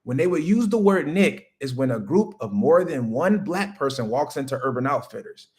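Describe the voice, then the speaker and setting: A man, hosting a livestream and delivering a loud, preachy motivational rant that jumps high when he hammers a point. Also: lively intonation, normal speed. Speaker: livestream host.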